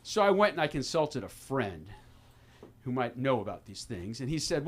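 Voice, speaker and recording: A man in his fifties doing a self-deprecating stand-up set at an open mic, halting and restarting often. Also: mid-range voice, sing-song. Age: 50s. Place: small comedy club stage with audience.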